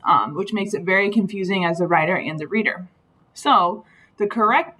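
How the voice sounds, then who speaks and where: In a recorded slide lesson, a woman teacher walks through grammar slides patiently and explanatorily, saying "um" often. Her voice is mid-range and slightly bright, and the recording quality is low.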